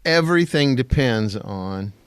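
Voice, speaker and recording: An older man, a voice actor, co-hosting a podcast in slow, deliberate, wry casual chat. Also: mid-range voice, animated, smooth, dry recording, clean studio sound.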